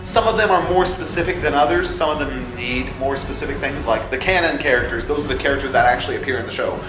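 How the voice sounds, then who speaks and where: A young man hosting a casual vlog that calls for voice actors for his fan film, animated and jokey, dropping into put-on voices. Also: mid-range voice, quick pace. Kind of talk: casual casting-call vlog. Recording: echoey room with music behind.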